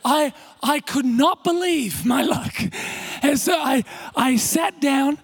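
A man's voice: extremely high pitch, takes it slowly, gravelly. A man preaching a sermon, telling a story with self-deprecating humour and frequent restarts. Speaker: pastor.

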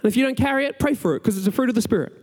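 A man preaching a conversational, energetic sermon as pastor. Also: extremely high pitch, very fast, slightly rough. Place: church sanctuary. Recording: large hall with long reverb, faint music.

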